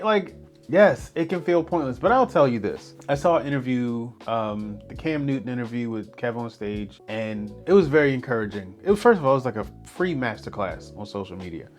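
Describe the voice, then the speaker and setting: A man hosting a motivational podcast, talking earnestly and in an animated way, often asking rhetorical questions. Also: fairly high pitch. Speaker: podcast host.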